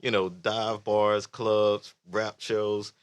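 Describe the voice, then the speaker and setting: A man's voice: lowish voice, little pitch movement, very slow, clear, resonant tone. A man in his thirties, a comedian, talking in a wry, self-mocking way in a casual chat. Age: 30s. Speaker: comedian guest.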